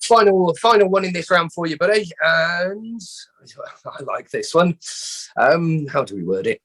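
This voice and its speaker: A man's voice: mid-range voice, fairly bright tone, rough recording. Chatty English man hosting a quiz. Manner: chatty, stammering restarts, laughs often. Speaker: quiz host. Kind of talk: casual podcast chat.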